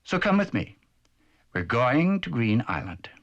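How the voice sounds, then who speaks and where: A man's voice: mid-range voice, sing-song, unhurried, highs cut off. A man voicing a grumpy male duck in a children's cartoon, with a crotchety, bossy manner. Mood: kindly.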